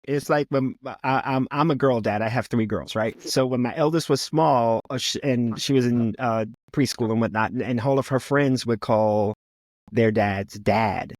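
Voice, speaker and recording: A middle-aged man hosting an interview as a coach, asking relaxed questions with Spanish asides. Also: medium pitch, normal speed, dry recording, clean studio sound.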